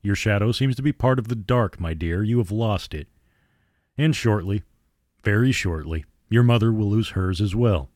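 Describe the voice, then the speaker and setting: A man voicing a sinister male vampire who speaks in a calm, silky, taunting way. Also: lowish voice, moderate pace, no echo, studio quality, close to an everyday voice. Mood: cold taunting.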